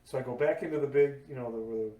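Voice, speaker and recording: A man hosting a casual podcast chat, telling his own stories in a lively way. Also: medium pitch, racing, distant mic. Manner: lively storyteller, acts out quoted voices. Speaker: podcast host. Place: podcast table in a room. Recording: echoey room, voice a bit off-mic.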